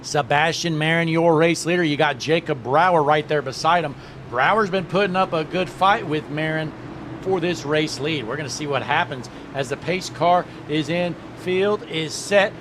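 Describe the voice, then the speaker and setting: Excitable sim racing play-by-play man. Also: fairly high pitch, normal speed, a little hiss or hum. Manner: excited, raising his voice at the green flag. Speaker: race commentator.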